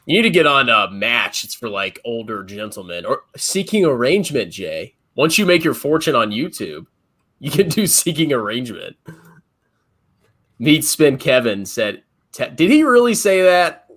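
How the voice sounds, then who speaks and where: Man, co-host, lively swooping pitch, sarcastic, blunt casual chat. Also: normal speed.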